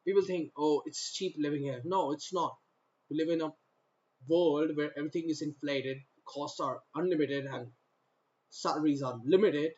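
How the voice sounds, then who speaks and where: A man's voice: fairly high pitch, fairly even intonation, normal speed, darkish tone. Rambling man from North India, lo-fi. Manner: rambling, with repeated phrases and stop-start sentences. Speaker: vlogger. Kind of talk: rambling to-camera monologue.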